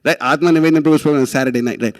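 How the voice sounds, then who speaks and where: A man giving a religious class, telling a story in an animated, casual way with many restarts and laughs. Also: a little high, rapid-fire, in a large hall.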